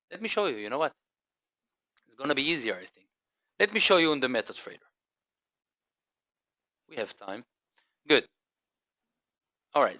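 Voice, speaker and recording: A man presenting a live online trading lesson, energetic and full of fillers and self-corrections, often checking in with listeners. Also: sits high, dry recording.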